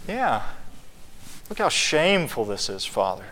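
A man's voice: mid-range voice, sing-song, measured pace, fairly bright tone, a little hiss or hum, low-quality recording. A man leading a Bible study, teaching earnestly and rising to pleading emphasis.

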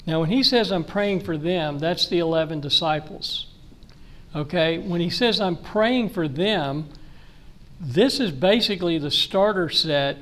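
High-voiced man preaching a sermon. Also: fairly bright tone. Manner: reads scripture aloud and explains it conversationally. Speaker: pastor.

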